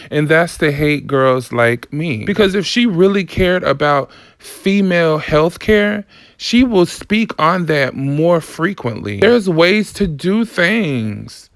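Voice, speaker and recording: A woman's voice: sits low, no echo, clean studio sound. A woman vlogger delivering a casual commentary rant, sassy, blunt and profane.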